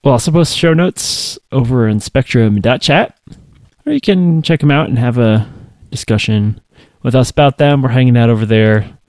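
A man co-hosting a podcast, relaxed and joking in loose casual chat. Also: medium pitch, normal speed, no echo, studio quality. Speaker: podcast co-host.

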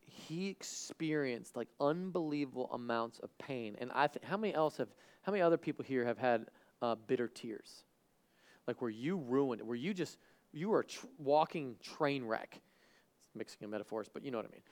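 A man preaching a sermon, who acts out the people in the story and swings from loud and excited to hushed and earnest. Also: mid-range voice, moderate pace. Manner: talks to a live congregation, asks them questions. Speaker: pastor.

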